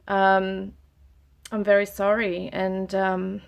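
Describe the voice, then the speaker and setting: A woman talking to her viewers while giving a tarot reading, earnest and emotional, with frequent pauses, sighs and ums. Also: medium pitch, completely flat delivery, vocal fry. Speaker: tarot reader. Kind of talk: casual spiritual reading to camera.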